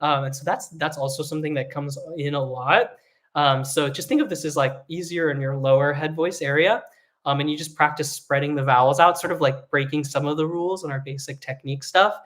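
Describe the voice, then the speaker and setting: A singing teacher giving an online vocal lesson, explaining technique in a relaxed way with frequent fillers. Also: mid-range voice, fairly quick.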